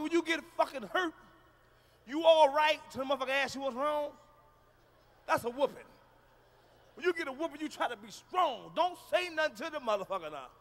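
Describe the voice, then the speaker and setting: A man doing a loud, profane, animated stand-up comedy routine on a live stage. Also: very high voice, a little fast.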